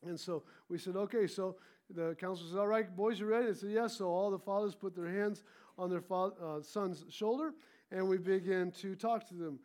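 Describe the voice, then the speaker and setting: A man's voice: high voice, moderate pace, a little mellow. A man preaching a sermon as pastor, telling a story and calling on the congregation to answer back. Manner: storytelling, calls for congregation responses.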